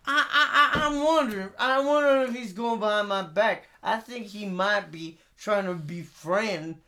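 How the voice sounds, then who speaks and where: Comedy podcast co-host, male, bright voice, stammering, improvised rants. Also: sits high, normal speed. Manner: rambling, stammering, sputters nonsense curses.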